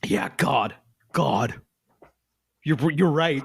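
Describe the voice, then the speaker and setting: A man's voice: fairly high pitch, very slow, creaky, background noise. A man co-hosting a podcast in casual chat, swearing often and laughing through mock-angry rants. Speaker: podcast co-host.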